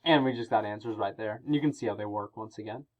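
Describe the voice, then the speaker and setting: A man's voice: on the low side, phone-quality sound. Man teaching a grammar lesson. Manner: explanatory, reads example sentences aloud with pauses. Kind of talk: recorded classroom grammar lesson.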